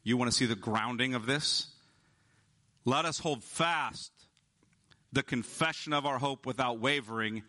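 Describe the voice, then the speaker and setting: A male pastor preaching an emphatic sermon, slowing down to stress key words. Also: mid-range voice, sharp tone.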